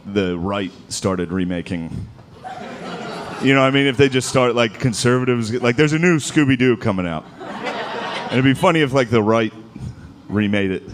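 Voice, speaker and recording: A man's voice: mid-range voice, normal speed, long pauses, noisy background. A man doing a stand-up comedy set before a live audience, talking in a loose, rambling way full of filler words. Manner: loose, rambling delivery with many filler likes. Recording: live show with crowd laughter. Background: audience laughter.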